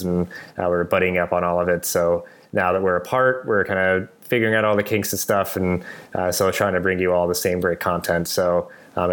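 A man's voice: low-pitched, fairly bright tone. A man hosting a podcast in casual chat from his office, rambling with lots of fillers. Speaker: podcast host.

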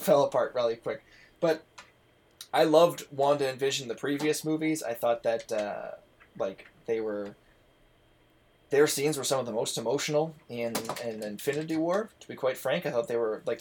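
Dude hosting a podcast, mid-pitch, excited and rambly, tosses in a swear now and then. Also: male voice. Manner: enthusiastic, rambling, swears casually. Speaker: podcast host. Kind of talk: casual chat.

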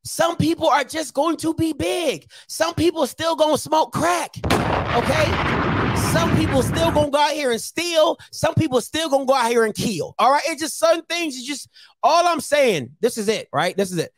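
A man's voice: very high voice, lively intonation, moderate pace, heavy background noise. A man hosting a call-in show, talking bluntly and confrontationally and repeating his phrases. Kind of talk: heated call-in commentary.

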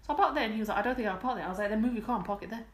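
A woman's voice: on the high side, very fast, echoey room. A young woman, telling a date story in casual chat, acting out both sides with laughs.

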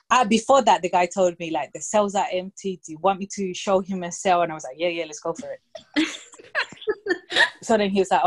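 A woman in her thirties telling a story in casual chat, lively and anecdotal, slipping into quoted voices for the people in it. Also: fairly low pitch, fairly quick. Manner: lively anecdotal storytelling, quoting others in brief put-on voices.

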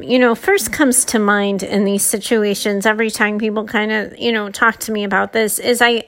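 A woman's voice: medium pitch, vocal fry, a bit bright. A woman hosting a podcast, giving candid advice in a casual, chatty way with plenty of fillers. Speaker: podcast host.

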